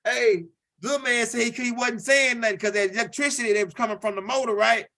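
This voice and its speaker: A high-pitched man from tells a loose, rambling stand-up story. He circles back, repeats lines and keeps asking "right?" as he talks. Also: fast, pushed and bright. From Louisiana. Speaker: comedian.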